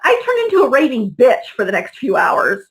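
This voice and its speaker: Middle-aged woman telling her story straight, heated and blunt, swears a lot, voice sits kinda high. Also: wildly swooping pitch, a little fast, low-quality recording. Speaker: interview guest. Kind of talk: personal storytelling in conversation.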